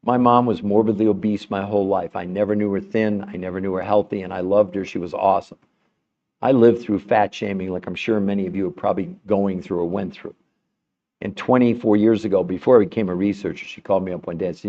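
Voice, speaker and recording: A middle-aged man giving an impassioned health talk, blunt and fired up, swearing at times and turning soft and emotional. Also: low-pitched, fairly even intonation, fast talker. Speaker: health presenter. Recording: slightly dull lo-fi sound.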